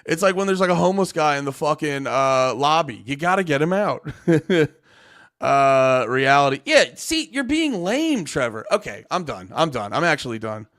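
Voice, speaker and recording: A man's voice: a little high, very animated, moderate pace, fairly bright tone. A man streaming live, a comedian ranting at his chat in a profane, exasperated, argumentative way. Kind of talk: livestream rant at chat.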